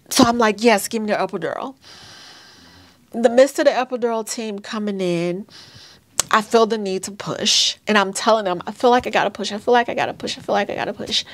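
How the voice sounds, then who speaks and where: A woman's voice: medium pitch, a bit bright, no room sound. A woman in her thirties telling a painful personal birth story straight to her viewers, earnest and candid. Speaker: vlogger sharing a birth story.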